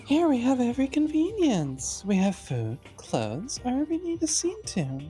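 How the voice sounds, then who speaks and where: Woman doing a haughty schoolgirl, high sing-song voice, lively pitch, faint music behind. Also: normal speed. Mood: serene, condescending. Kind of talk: voice-acted game playthrough.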